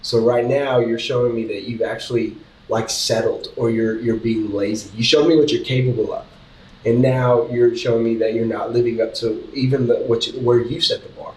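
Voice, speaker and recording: Male parent on a discussion panel, mid-pitch, chatty, picked up from afar in a roomy space. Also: fairly even intonation, normal speed, a little mellow. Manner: storytelling, chatty, frequent "you know what I mean". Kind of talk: casual chat. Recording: echoey room, mic at a distance.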